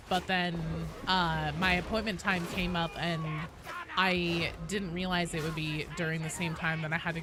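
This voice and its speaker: A woman in her thirties streaming a game live, chatting with her viewers in a lively, joking way with loud outbursts. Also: lowish voice. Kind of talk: live-stream chat while gaming. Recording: game sounds and noise behind voice.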